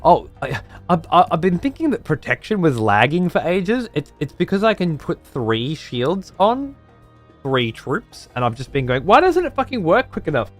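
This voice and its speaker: A man's voice: on the high side, very animated, a little slow, faint music behind. A man casually commentating on a strategy game while streaming, chatty and swearing freely as he mutters to himself.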